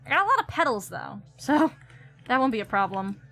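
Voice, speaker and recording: A woman's voice: fairly high pitch, sing-song, fast talker, pushed and bright, soft background music. A young woman streaming a game, chatting casually and giggling as she thinks aloud. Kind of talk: casual gameplay commentary.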